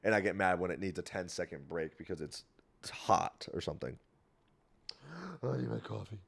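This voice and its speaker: A young man hosting a podcast in a casual solo rant, full of swearing and rambling, moving between low mumbles and loud outbursts. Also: normal speed, vocal fry. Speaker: podcast host.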